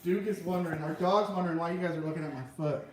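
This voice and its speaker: A man's voice: a little high, steady tone, fast talker, darkish tone. A man hosting a casual chat, joking and goofy in his banter. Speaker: host. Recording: echoey room, mic far off, faint noise.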